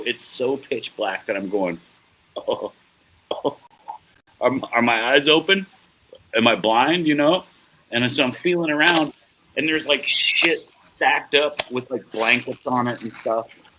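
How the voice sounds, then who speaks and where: Bright-voiced man telling a rowdy story. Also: medium pitch, a little hiss or hum, low-quality recording. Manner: profane, rambling, laughs at own story. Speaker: show host. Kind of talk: casual storytelling chat.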